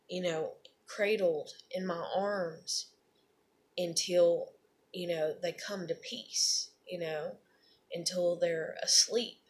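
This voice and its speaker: A woman's voice: lowish voice, a little hiss or hum. Rambling, blunt woman. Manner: rambling, confessional, blunt with frequent swearing. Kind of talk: candid personal monologue.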